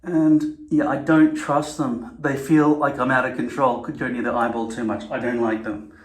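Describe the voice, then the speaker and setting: A man's voice: medium pitch, little pitch movement, moderate pace. A man talking casually to camera, rambling, swearing and correcting himself mid-sentence. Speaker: vlogger. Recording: echoey room.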